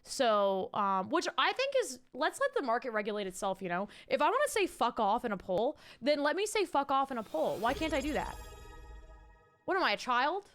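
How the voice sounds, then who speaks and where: A woman's voice: on the high side, big pitch swings, fairly quick, few pauses. Chatty, swearing woman live-streaming from home. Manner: chatty, rambling and casually profane. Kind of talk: casual live-stream chat reading out viewer messages.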